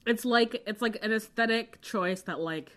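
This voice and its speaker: Woman, podcast co-host, animated, laughing, exasperated, casual chat. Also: a little high, normal speed. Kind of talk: casual book discussion podcast.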